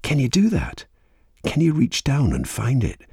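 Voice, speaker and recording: A man with a husky voice voicing a quiet, mysterious stranger who coaxes a captive over a walkie-talkie in a storybook reading. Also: medium pitch, huge pitch swings, measured pace, no room sound, clean studio sound, voice pushed up, exaggerated voice. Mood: urgent, coaxing. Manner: quiet, urgent, coaxing.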